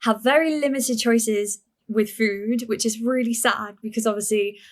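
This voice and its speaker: A woman's voice: a little high, steady tone, measured pace. A young woman from England, a fitness coach, chatting as a podcast guest in an upbeat way and laughing easily. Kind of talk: casual interview chat.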